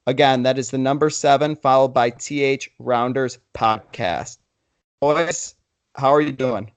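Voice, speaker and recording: A man's voice: medium pitch, measured pace, clear, resonant tone, no room sound, dull audio. Young man hosting a sports podcast. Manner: loose, joking, reads sponsor and social plugs. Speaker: podcast host. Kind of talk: casual sports podcast chat.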